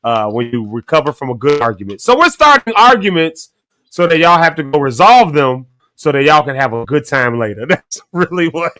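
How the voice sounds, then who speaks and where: Bright, playful male show host. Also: fairly high pitch, sing-song, a little fast, dry recording. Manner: laughs often, playful. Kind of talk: casual chat.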